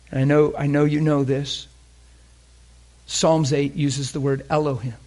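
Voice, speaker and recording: This preacher's fairly high voice shows little pitch movement, and he talks a little slowly with frequent pauses. His sermon is fervent and openly emotional, with questions for the congregation and shifts from loud emphasis to hushed near-whispers.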